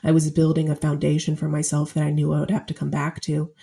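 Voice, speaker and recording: A woman's voice: low-pitched, completely flat delivery, quick pace, vocal fry, warm tone. A woman around thirty, a poet guest on a podcast interview, telling her story in a heartfelt, reflective way.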